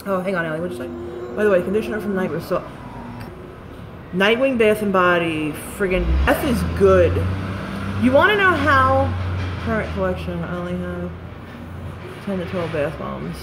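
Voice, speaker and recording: A woman's voice: fairly low pitch, lively intonation, moderate pace, long pauses, background noise. A woman, rambling and swearing casually as she chats on a live stream about beauty products. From Staten Island, New York. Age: late 30s.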